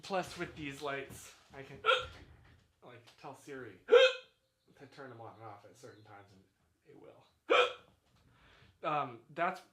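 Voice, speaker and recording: A man chatting casually on his own live stream from a small room at home. His voice swings up and down in a lively, animated way, and he gushes freely. He talks into a desk microphone that he sometimes turns away from. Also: medium pitch, measured pace, heavy background noise. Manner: chatty, animated, effusive congratulations. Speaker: livestream host. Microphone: desk microphone, sometimes turned away.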